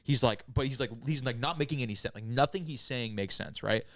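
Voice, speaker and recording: A man's voice: medium pitch, fairly quick, a bit bright. A man casually telling a grim story to friends on a podcast, rambling and profane, with many "right?"s and "like"s. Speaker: podcast host.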